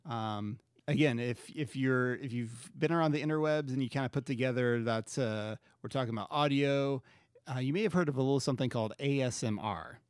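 A man's voice: mid-range voice, a little fast, clear, resonant tone, dry recording, clean studio sound. A man co-hosting a podcast in casual chat who laughs easily and talks with some hesitation. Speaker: podcast co-host.

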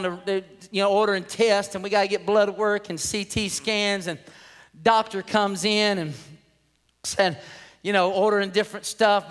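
A man's voice: sits high, fairly bright tone, clear, resonant tone. A man preaching a sermon in a church, telling a personal story earnestly and with emotion. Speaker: pastor. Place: church sanctuary. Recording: long church hall reverb.

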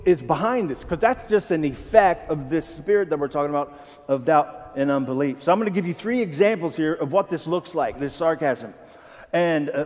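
In a large hall, a man with a slightly high voice preaches. He's a pastor in a church sanctuary whose conversational sermon often puts questions to the congregation.

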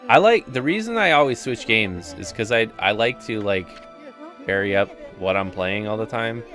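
A man's voice: fairly low pitch, expressive, moderate pace, fairly bright tone, soft background music. A man casually commenting on his live playthrough of a video game, rambling and chatty, often reading the game's lines aloud. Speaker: gaming streamer.

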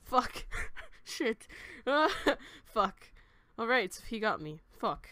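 A woman's voice: on the high side, very animated, slow pace, bright, forceful tone, no room sound, studio quality. A young woman giving commentary while she plays a horror game, nervous and jumpy, with bursts of laughter and swearing when something frightens her. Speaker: let's play gamer.

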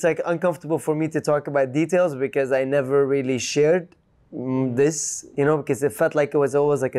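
A man, a podcast guest, telling a story in a casual, animated and rambling way, laughing often and filling with "like" and "you know". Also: on the high side, clean tone.

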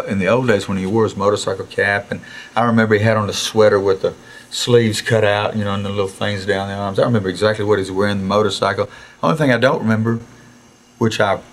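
A man, casually telling anecdotes in a recording studio, animated and chuckling, acting out quotes. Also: on the low side. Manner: animated storyteller who chuckles, acts out quotes and restarts sentences. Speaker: musician interview guest.

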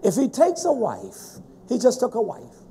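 Man, preacher, sermon, fervent emphatic delivery, mellow dark tone, widely swinging pitch. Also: wildly swooping pitch, unhurried, creaky, a little hiss or hum. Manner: fervent, emphatic preaching with sudden shouted stresses.

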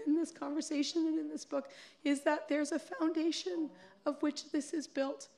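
A woman's voice: high voice, flat delivery, moderate pace, gravelly. A woman moderating a public conversation, asking long questions with fillers and easy laughter. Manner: warm, laughs easily, filler words. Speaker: interviewer and moderator. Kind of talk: public interview on stage. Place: stage at a public event.

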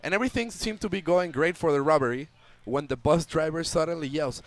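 A young man casually telling a story on a stream, loudly acting out the voices in it. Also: a little high, fast, hardly any pauses. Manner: animated, acts out voices loudly. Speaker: guest storyteller.

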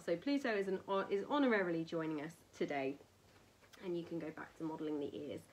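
A woman chatting to camera about a haul, rambling with ums, little laughs and soft whispered asides. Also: fairly low pitch, fast talker, a little hiss or hum. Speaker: vlogger showing a merchandise haul. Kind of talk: casual chat to camera.

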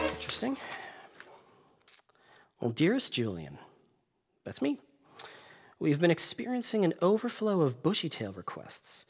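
A young man from a summer camp hosting a playful virtual sing-song for children, tossing jokey asides to the viewer. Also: medium pitch.

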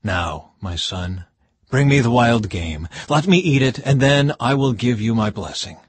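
A man voicing an old blind father who speaks with a slow, solemn cadence. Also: mid-range voice, expressive, husky, dry recording. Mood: tender.

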